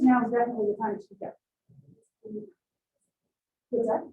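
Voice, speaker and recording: A woman's voice: fairly high pitch, flat delivery. Teasing woman teaching in an echoey room. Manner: brisk, teasing, coaxing students. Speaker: college GIS instructor. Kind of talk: classroom lecture with questions. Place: classroom. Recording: distant echoey classroom on tinny mic.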